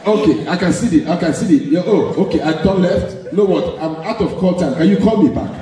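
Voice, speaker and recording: A man's voice: sits high, expressive, quick pace, crowd noise, background noise, voice pushed up. A man voicing a flustered male pilot chatting on a phone call during a stand-up routine. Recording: echoey live hall, distant mic.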